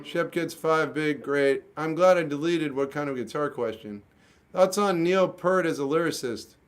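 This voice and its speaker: Male streamer, casual deadpan chat, slightly raised voice. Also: a little high, moderate pace, soft background music. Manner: dry, offhand, jokey replies to comments. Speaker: livestreamer musician answering chat.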